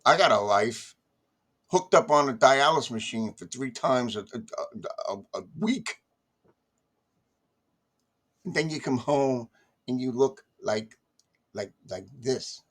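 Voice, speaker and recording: A man with a husky, slightly breathy voice talks to his camera in a loose, rambling way. He sounds fed up and grumbling, circling back to the same complaints as he goes. His pitch sits in an ordinary middle range for a man. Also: lively intonation, slow pace, pauses often, a bit bright. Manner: exasperated, grumbling, repetitive complaints. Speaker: vlogger. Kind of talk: casual ranting video monologue.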